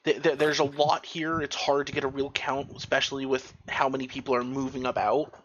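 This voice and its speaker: A man's voice: medium pitch, flat delivery, fairly quick, fairly bright tone. A man narrating as game master of a tabletop game, rambling with many fillers and restarts, on a dull lo-fi recording. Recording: dull lo-fi sound.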